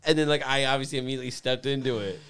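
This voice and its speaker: A man's voice: mid-range voice, steady tone, very fast, fairly bright tone, smooth. A young man casually telling a long story on a podcast, rambling and profane, with lots of "like".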